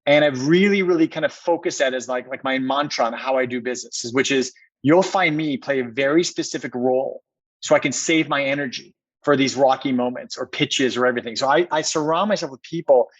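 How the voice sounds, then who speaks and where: A man's voice: medium pitch, fairly quick. Earnest storytelling man, slightly dull audio. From Minneapolis, USA. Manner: earnest, repetitive restarts, emphatic. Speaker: podcast guest, entrepreneur. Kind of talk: personal storytelling interview.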